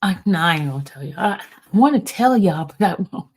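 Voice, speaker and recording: Woman, middle-aged, gravelly voice, casual emotional chat, talks to viewers as y'all. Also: on the low side, lively intonation, brisk. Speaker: livestream host.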